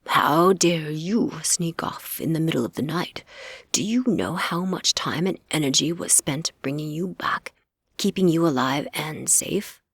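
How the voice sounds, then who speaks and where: A woman's voice: low voice, animated, unhurried, slightly rough, no echo, full character voice. A woman voicing a defiant young vampire slayer who speaks sharply.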